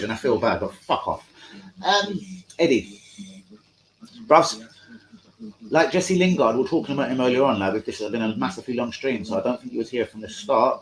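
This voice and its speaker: A man hosting a live stream, rambling through football fan chat with heavy swearing and excitable outbursts. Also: mid-range voice, a little hiss or hum, poor audio.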